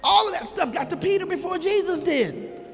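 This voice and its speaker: A male pastor giving a sermon altar call, urging the congregation to come forward with repeated calls that rise to shouting. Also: extremely high pitch, lively intonation, moderate pace. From Texas. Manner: rises to shouting at peaks. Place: large church sanctuary with balcony. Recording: live church sound with long reverb and soft music.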